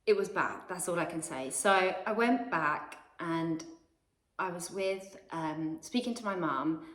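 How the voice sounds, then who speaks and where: British woman, lowish voice, rambly confessional storytelling, roomy echo. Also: measured pace, a bit bright. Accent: British English. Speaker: vlogger. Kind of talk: personal storytelling vlog.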